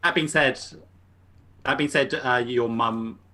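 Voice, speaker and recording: A man's voice: medium pitch, measured pace, sharp tone. A man joining a live online English lesson as a guest, eager, often stumbling on his first words. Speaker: guest learner on a live stream. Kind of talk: casual chat.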